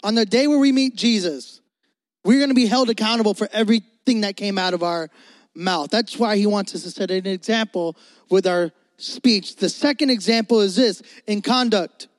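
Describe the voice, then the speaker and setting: Young man, youth pastor, high voice, emphatic repetitive sermon delivery, dry sound. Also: moderate pace, dry recording. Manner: animated, emphatic preaching with repeated phrases.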